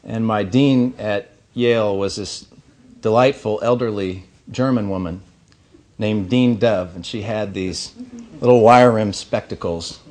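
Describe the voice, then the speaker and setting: Earnest low-voiced man giving a keynote. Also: unhurried, a little mellow. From Missouri, USA. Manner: earnest, anecdotal with light humor. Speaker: keynote speaker. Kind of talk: ceremony speech. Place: banquet hall.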